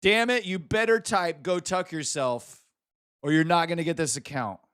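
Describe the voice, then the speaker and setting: A man's voice: fairly high pitch, animated, brisk, fairly bright tone, smooth, no echo, clean studio sound. A man hosting a live stream, teasing and mock-scolding a viewer in casual chat banter. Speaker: livestream host.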